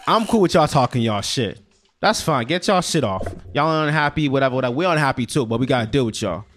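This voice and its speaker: A man's voice: mid-range voice, expressive, quick pace, a bit bright, a little hiss or hum. A man co-hosting a podcast, arguing bluntly and swearing in a heated casual debate. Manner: blunt, swearing, talks over others. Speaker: podcast co-host.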